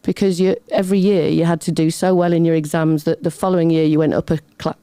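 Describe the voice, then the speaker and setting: A middle-aged woman talks freely as a guest, piling one story onto the next in a chatty, rambling way. Her voice is mellow and dark rather than bright. The recording is dry and close, with no room echo. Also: low-pitched, flat delivery, fast, clear, resonant tone. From Britain. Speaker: podcast guest. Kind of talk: casual interview chat.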